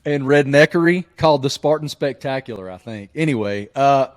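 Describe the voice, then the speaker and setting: A man in his forties hosts a casual podcast chat, spinning a hometown story with a jokey, animated delivery. His voice sits at a middle pitch for a man. He grew up in southwest Virginia. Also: moderate pace. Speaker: podcast host.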